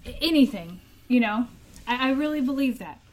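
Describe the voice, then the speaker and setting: Podcast co-host lady, kinda high voice, earnest, mostly short remarks. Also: lively intonation, normal speed. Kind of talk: casual chat.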